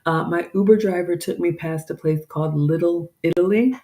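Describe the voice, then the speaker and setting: A Southern American woman, a vlogger and home cook, chats casually with her live-stream viewers. Her voice sits on the low side with a dark tone and a moderate pace, and she comes across tired, apologetic and a bit scattered.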